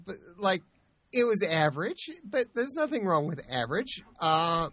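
A man's voice: sits high, very animated, normal speed, pushed and bright. A man co-hosting a podcast in casual chat, who often stammers and repeats words. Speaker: podcast co-host.

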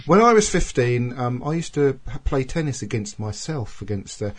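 A man's voice: mid-range voice, big pitch swings, moderate pace. Rambling man telling a story. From Wales. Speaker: podcast co-host. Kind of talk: casual chat.

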